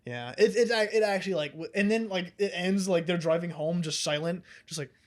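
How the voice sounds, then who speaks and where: A young man co-hosting a casual podcast, retelling cartoon episodes with big animated energy. His voice sits a bit high for a man, and he breaks into laughter while swearing casually. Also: brisk. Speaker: podcast co-host. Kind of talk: casual chat.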